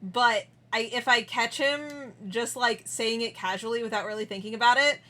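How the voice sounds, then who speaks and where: A woman's voice: fairly high pitch, normal speed, pushed and bright. A young woman streamer chatting casually with her viewers, giggling often and trailing off into restarts.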